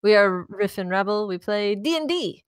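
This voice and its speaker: A woman hosting and narrating a tabletop role-playing game as dungeon master, relaxed and laughing, with many ums and uhs. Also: medium pitch, moderate pace, clean tone, no room sound, clean studio sound.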